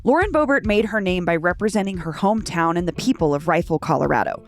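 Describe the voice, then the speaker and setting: A woman's voice: fairly low pitch, expressive, fast talker, soft background music. A woman hosting a podcast, reading scripted narration with a pointed, dramatic delivery. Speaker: podcast host.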